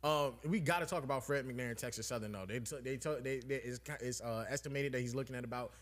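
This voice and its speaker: A man co-hosting a sports stream, excitable and chatty, making asides to viewers in the comments. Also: medium pitch, quick pace. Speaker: football commentator. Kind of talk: casual sports chat.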